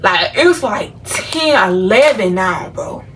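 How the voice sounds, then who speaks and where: A woman's voice: mid-range voice, lively intonation, takes it slowly, a bit bright, distant mic, a little hiss or hum, poor audio. A woman from Memphis telling a casual storytime to her viewers, chatty and full of fillers. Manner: chatty, talks straight to viewers, many fillers. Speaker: vlogger.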